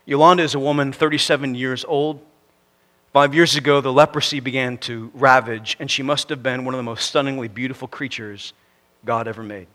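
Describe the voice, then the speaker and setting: A man preaching a sermon, reading a story aloud in an earnest way that sinks to a hush at the ends of phrases and rises to emphatic preaching. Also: medium pitch, steady tone, brisk.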